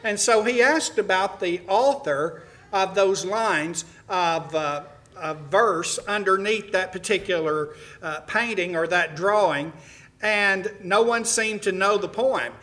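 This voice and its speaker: A man's voice: sits high, slow, pushed and bright. A middle-aged man preaching to his congregation, telling a story in a folksy way with many "uh"s and restarts. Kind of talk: sermon to a congregation.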